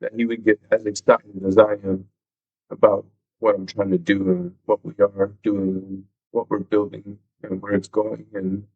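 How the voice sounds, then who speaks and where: Husky low-voiced man, candid stream talk. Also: flat delivery, normal speed, narrow, tinny audio. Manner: candid and open, swears casually. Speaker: livestream host. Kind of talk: candid livestream chat, reading aloud.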